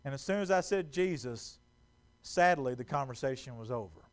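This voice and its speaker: A man preaching a sermon in a church, animated and stumbling over repeated words as he acts out quotes. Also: medium pitch, normal speed. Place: church sanctuary.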